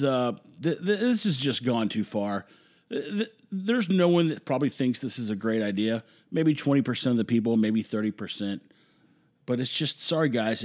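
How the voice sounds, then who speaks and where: A man delivers an opinionated monologue in a voice of ordinary pitch. He talks emphatically and rambles, hammering words through repetition. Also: a little mellow. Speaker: commentary host.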